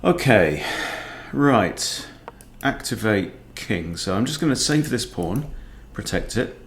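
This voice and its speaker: A man, a chess coach thinking aloud in a relaxed, understated way as he plays a fast game. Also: lowish voice, slight background noise. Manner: muttering, understated, self-talking. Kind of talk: thinking aloud while playing blitz chess.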